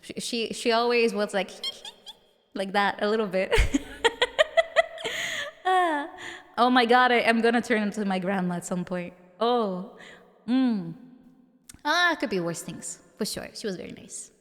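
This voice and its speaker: A woman's voice: on the high side, expressive, moderate pace, a bit bright, long reverb tail. A woman streamer with a mature-sounding voice, chatting casually with viewers and giggling often.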